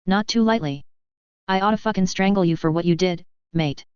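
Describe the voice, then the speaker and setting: A big, boisterous soldier who swears freely, as a woman reads him. His talk is blunt and rough. Her voice stays low and smooth on a dry, dull recording. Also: normal speed, a little mellow, dry recording, lightly acted. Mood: gruff.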